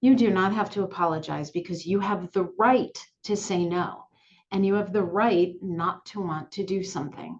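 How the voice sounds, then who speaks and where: A woman sexuality educator speaking calmly and clearly to the camera, repeating her key points. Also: on the low side, moderate pace, dull audio. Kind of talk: direct-to-camera lesson. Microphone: looking into camera, on-camera mic.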